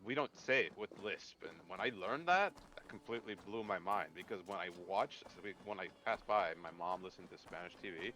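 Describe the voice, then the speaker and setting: A man's voice: low-pitched, animated, a little fast, few pauses, pushed and bright, rough recording. A man from Nicaragua speaking in a casual podcast chat, explaining things while searching for words.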